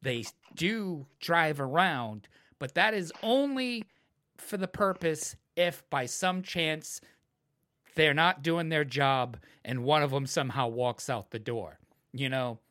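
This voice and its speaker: A young man in casual podcast chat, telling a wild story with lots of swearing and shouted, acted-out quotes. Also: fairly high pitch, slow. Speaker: podcast co-host.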